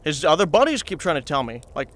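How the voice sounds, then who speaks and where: Guy with a pretty high voice rambling through a funny story, lots of uh and like, talks to the viewers. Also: big pitch swings, fast, fairly bright tone. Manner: chatty, meandering, addresses viewers. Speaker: in-character reporter storyteller. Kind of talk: comedic rambling anecdote.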